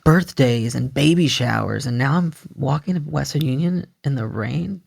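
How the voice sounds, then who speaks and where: A young man telling stories on a podcast in a loose, animated way, full of fillers and acted-out quotes. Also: medium pitch, moderate pace, creaky. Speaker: podcast guest. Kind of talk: casual storytelling about addiction recovery.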